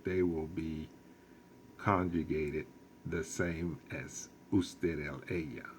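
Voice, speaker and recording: A man teaching a recorded lesson as a Spanish teacher, explaining slowly and patiently with lots of repetition. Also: very deep voice, steady tone, slight background noise.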